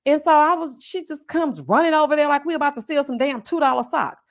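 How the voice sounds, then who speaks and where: A woman in her forties telling a personal story to her viewers in a casual, animated vlog, speaking straight to the audience. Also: high voice, fairly quick. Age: 40s. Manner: animated, addresses viewers directly. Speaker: vlogger.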